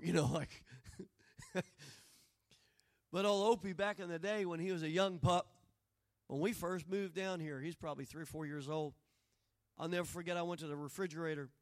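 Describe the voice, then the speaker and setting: High-voiced preacher. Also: male voice, moderate pace, pauses often. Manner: swells from quiet storytelling to loud, rising preaching. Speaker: pastor. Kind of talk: sermon.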